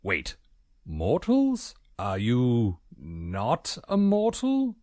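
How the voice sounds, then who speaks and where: A man's voice: mid-range voice, wildly swooping pitch, extremely slow, warm tone, no echo, heavily acted. An actor voicing a prim, formal male butler with dry, polite delivery. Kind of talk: video game voice acting.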